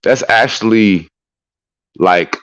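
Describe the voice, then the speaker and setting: A man chatting casually as a streamer, excitable and profane with loud whoops. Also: lowish voice, slow, no room sound, dull audio. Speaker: streamer reacting to clips. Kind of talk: casual reaction chat.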